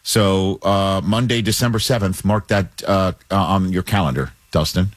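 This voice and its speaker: A man with a New York accent hosting a sports call-in radio show, brisk and playful as he ribs callers. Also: low voice, no echo.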